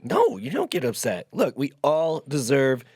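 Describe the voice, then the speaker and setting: A man's voice: mid-range voice, huge pitch swings, measured pace, a little mellow, breathy edge, dry recording. Laid back guy on a podcast, mid voice, dry room, joking around. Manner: easygoing, joking. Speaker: podcast co-host. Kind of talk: casual chat and ad read.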